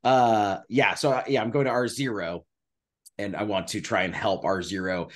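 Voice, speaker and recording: A man playing a tabletop role-playing game, speaking hesitantly with many pauses. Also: fairly low pitch, steady tone. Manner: hesitant, lots of fillers and restarts. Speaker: player. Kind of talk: casual play with in-character speech.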